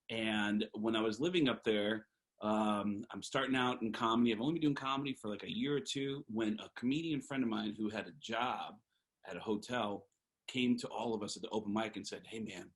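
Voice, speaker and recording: A man, a stand-up comedian, telling a story as a podcast guest in casual chat. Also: mid-range voice. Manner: animated storyteller, slips into impressions.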